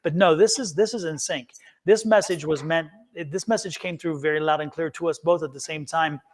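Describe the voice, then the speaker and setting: A high-pitched man reads tarot on a live stream, speaking earnestly and reassuringly. He often stops mid-phrase, repeats himself and starts over. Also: a little hiss or hum. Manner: halting, many restarts and repeated words. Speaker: tarot reader. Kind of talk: live-streamed psychic reading.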